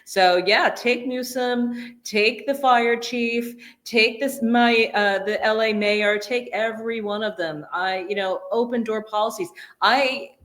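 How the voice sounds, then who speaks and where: A woman's voice: on the high side, steady tone, takes it slowly, hardly any pauses, a bit bright. A woman co-hosting a casual political commentary talk show, bantering with a teasing, laughing manner. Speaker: podcast co-host.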